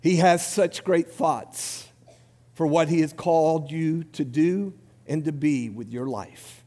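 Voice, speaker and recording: A man preaching a sermon, giving a numbered list with rising emphasis and then leading the congregation in prayer. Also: on the high side. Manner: preaching with rising emphasis and a quiet, slowed close. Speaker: pastor. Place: church sanctuary. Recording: long hall reverb.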